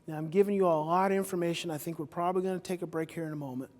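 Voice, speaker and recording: A man giving a live talk to an audience, energetic and repetitive, with loud emphatic bursts. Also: a little high, rapid-fire. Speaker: speaker on stage. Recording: reverberant hall.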